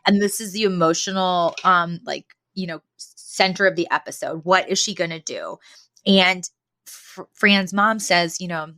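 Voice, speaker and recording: A woman co-hosting a podcast, talking in an animated, casual way with lots of fillers. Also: lowish voice, a little slow. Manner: animated, chatty with many fillers. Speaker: podcast co-host. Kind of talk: casual chat.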